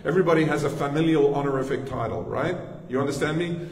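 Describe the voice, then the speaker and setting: A man's voice: on the high side, fast talker. A man with an Australian accent preaching a sermon in a conversational way, with asides to the congregation. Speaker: pastor. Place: church sanctuary. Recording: echoey church hall, distant mic.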